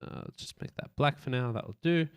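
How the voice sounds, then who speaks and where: A man with a medium-pitched, smooth voice talks briskly on a live stream as he lays out a website. His commentary is loose and rambling, thought aloud with playful sound effects, in a dry, clean studio recording.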